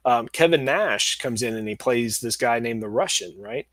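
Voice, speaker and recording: A man's voice: mid-range voice, normal speed, no echo, rough recording. Rambling man chatting about comics. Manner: rambling, many fillers and restarts; excited bursts, chuckling. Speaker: comic creator and channel host. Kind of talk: casual chat flipping through comics.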